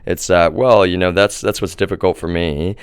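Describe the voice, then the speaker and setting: A man's voice: low voice, steady tone, moderate pace, clean tone, no echo, studio quality. A man livestreaming an angry, profane monologue and calling his viewers "y'all". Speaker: livestream host. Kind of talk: live stream monologue.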